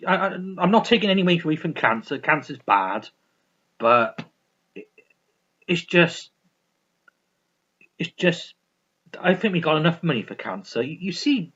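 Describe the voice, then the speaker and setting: A man's voice: on the high side, fairly bright tone, slightly rough, muffled recording. A man vlogging in a heated, swearing rant full of restarts. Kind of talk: ranting vlog monologue.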